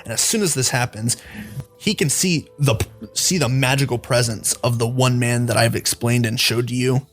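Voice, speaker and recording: A man's voice: mid-range voice, moderate pace, a bit bright, faint music behind. A man narrating a tabletop game as dungeon master, in a casual, loose way with many fillers.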